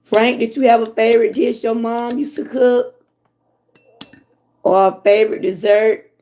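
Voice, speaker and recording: A hoarse woman from Georgia with a Southern accent, chatting casually with her livestream viewers and reading their comments. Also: a little high, flat delivery, mellow, slight background noise. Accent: Southern American. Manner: chatty, drawn-out, talks to viewers as y'all. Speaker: livestream host.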